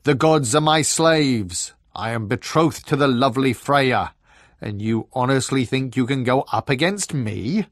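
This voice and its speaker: A man voicing a huge, boastful male frost giant, booming and slow in a storybook reading. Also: expressive, no echo, clean studio sound, close to an everyday voice.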